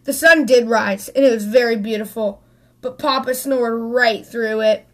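A woman reading a children's picture book aloud, expressive, with small slips and restarts. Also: fairly high pitch, a little slow. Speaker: storybook reader.

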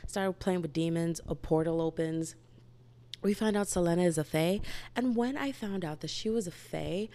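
A young woman talks through a book series in a casual, gushing vlog, full of asides and "like". Her voice sits low for a woman and has a gravelly fry running through it. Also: moderate pace. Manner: animated, gushing, chatty with lots of "like". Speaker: book vlogger. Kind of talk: casual book review chat.

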